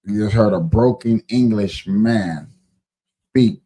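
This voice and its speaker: A man's voice: on the low side, slightly rough. A man hosting a casual reaction show, joking and drawing out his words for emphasis. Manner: loud, joking, drawn-out emphasis. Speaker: commentary show host.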